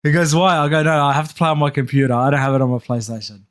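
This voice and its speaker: A man's voice: fairly high pitch, very fast, smooth. A man co-hosting a podcast, brash and slangy, swearing a lot in casual chat. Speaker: podcast co-host.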